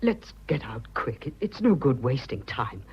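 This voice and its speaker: An eager, blustering young English businessman in love in an old radio play. His voice swings lively up and down, a little husky, heard through a dull, muffled broadcast. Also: on the high side, brisk. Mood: flustered, ardent. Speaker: suitor. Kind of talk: 1940s radio acting.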